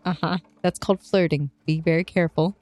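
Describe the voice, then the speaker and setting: A woman's voice: on the low side, fairly even intonation, a little fast, a little mellow, dry recording, soft background music. A woman playing a tabletop role-playing game, teasing and narrating her character's actions. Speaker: tabletop player.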